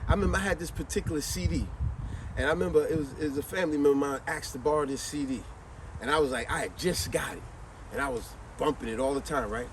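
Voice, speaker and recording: A man telling a casual story in an animated, slangy, lecturing way, recorded inside a vehicle. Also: a little high, quick pace, recorded from a distance, a little hiss or hum. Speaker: vlogger.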